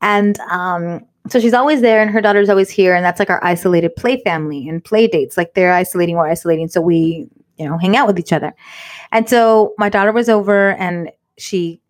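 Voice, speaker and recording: Fast-talking animated woman storyteller. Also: fairly low pitch. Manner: animated storyteller, acts out quotes, mixes in Spanish. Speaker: podcast co-host. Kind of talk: casual chat.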